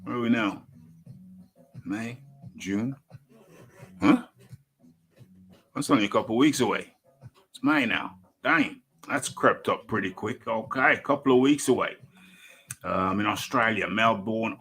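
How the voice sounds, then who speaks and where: This boxing talk show host has a fairly low, bright, forceful voice, speaking at a measured pace with frequent pauses. On his casual live stream he rambles, reads an article aloud, and talks to himself, calling himself by name in the third person.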